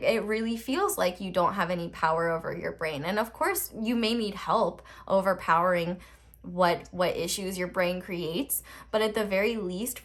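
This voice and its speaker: Young adult female tarot reader, mid-pitched, candid and meandering, swears offhandedly. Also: fairly bright tone. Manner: earnest, rambling, full of "like" and restarts; blunt, swears casually. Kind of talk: casual spoken tarot reading.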